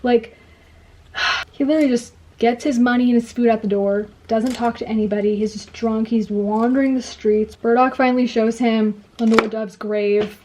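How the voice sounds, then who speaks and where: Young woman, book vlogger, mellow-toned, gushing, excitable retelling while doing her makeup. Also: a little high, moderate pace. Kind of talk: get-ready-with-me book chat.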